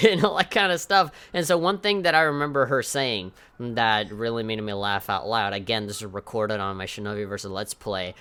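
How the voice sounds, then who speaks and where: Guy on a gaming podcast, bright crisp voice, laughing and cussing while telling a story. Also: on the low side, moderate pace, few pauses. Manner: laughing, animated storytelling, swears casually. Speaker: podcast co-host. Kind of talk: casual gaming podcast chat.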